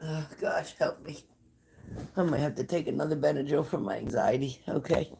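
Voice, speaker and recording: A woman's voice: low-pitched, normal speed, vocal fry, mellow, slight background noise. An older woman talks straight to her live-stream viewers in a loose, chatty way. She is emotional and scattered, jumping from one thought to the next as she gets ready to give a reading. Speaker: psychic reader hosting a live stream. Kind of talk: casual live-stream chat.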